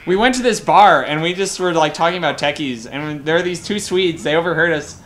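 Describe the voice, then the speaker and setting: A young man from Colorado rambles through excited anecdotes as a game caster, swearing freely in loose, casual chat. His voice sits a little higher than most men's. A faint background hiss runs under the recording. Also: a little fast. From Colorado, USA. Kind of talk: casual storytelling during a game broadcast.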